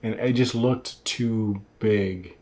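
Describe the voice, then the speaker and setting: A man's voice: fairly low pitch, fairly even intonation, slow pace, a little mellow. A man co-hosting a casual film podcast over a video call, laid-back and rambling, with many fillers. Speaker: podcast co-host.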